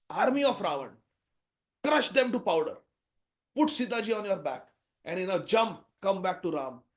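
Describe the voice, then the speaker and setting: A man voicing a proud, strong warrior prince who speaks emphatically. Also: sits high.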